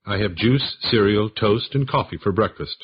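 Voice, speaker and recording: A man slowly reading English practice sentences aloud for learners, one question and answer at a time, in a husky voice. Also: on the low side, highs cut off. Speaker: English lesson reader. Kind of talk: slow scripted sentence reading.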